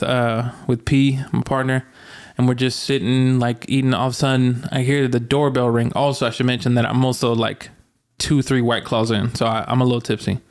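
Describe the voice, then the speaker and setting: A man co-hosting a podcast, casually telling a story in a relaxed, joking way with some swearing. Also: medium pitch, clear, resonant tone. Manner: laid-back, swears casually, laughs often. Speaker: podcast co-host. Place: new apartment room.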